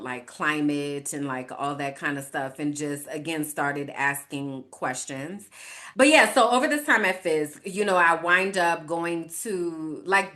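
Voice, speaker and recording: A woman's voice: sits low, fairly bright tone. A woman from New Orleans, hosting a podcast, tells her own story in a reflective, searching way, with loose fillers as she thinks aloud. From New Orleans, USA. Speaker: podcast host. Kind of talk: personal storytelling monologue.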